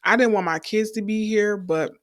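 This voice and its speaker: A woman's voice: mid-range voice, normal speed, dry recording. A young woman tells her personal faith testimony, earnest and direct. She has a mid-range voice and speaks to the listeners as y'all. The recording is dry, with no room sound.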